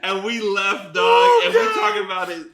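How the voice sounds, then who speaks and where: A man's voice: very high-pitched, wildly swooping pitch, moderate pace, creaky, roomy sound, a crowd in the background. A man co-hosting a podcast watch party, telling a story with lots of laughter and acted-out quotes in casual chat. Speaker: podcast co-host.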